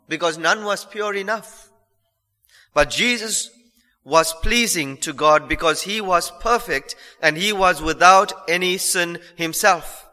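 Male preacher, earnest and repetitive, bright tone, reverberant church hall. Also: high voice. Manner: earnest, repeats phrases for emphasis, slows on key lines. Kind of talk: sermon.

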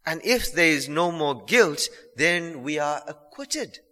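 A man preaching a sermon, earnest and emphatic, repeating phrases and slowing down on key lines. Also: on the high side, expressive, bright, forceful tone. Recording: long hall reverb.

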